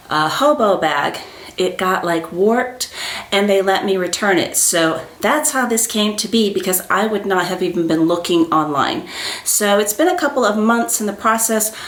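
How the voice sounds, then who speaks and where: A woman with a Southern US accent hosting an excited unboxing vlog, giddy and breathless and repeating her exclamations. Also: mid-range voice, roomy sound. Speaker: YouTube host. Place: small room at a little desk, indoors.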